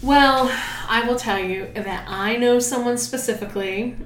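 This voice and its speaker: A woman's voice: a little high, a little slow. A woman co-hosting a casual chat podcast, playful and laughing often. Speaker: podcast co-host. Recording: echoey room with some noise.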